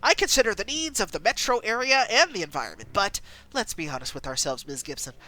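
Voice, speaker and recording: A woman's voice: medium pitch, sing-song, quick pace, pushed and bright, voice pushed up. A woman voicing a smug, defensive male city politician in a raised, lightly acted voice. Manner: slick, then snapping.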